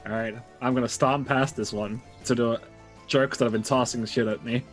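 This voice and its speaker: A man at a tabletop game talks through his character's actions casually. He is playful and quick to joke. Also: medium pitch, steady tone, soft background music. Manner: joking, playful. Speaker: player.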